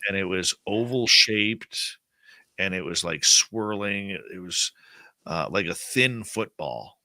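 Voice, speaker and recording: A man's voice: low-pitched, takes it slowly, dry recording. A man telling a personal story as a guest in an interview, acting out what was said. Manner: animated personal storytelling, acts out quotes.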